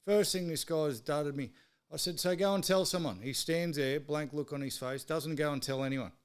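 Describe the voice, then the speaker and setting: A man's voice: a little high, fairly even intonation, normal speed, smooth. Swearing Australian man ranting on a stream. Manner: swearing, exasperated storytelling. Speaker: live stream host. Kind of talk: casual ranting chat.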